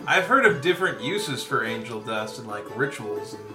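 A man's voice: medium pitch, sing-song, normal speed. A man playing a tabletop game who talks in a dry, questioning way in casual banter. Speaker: player. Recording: echoey room with music.

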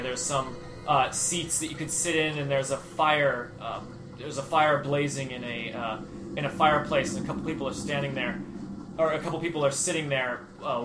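A man's voice: mid-range voice, echoey room. A man narrating as game master, describing scenes with frequent fillers and restarts. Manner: halting, filler-heavy narration.

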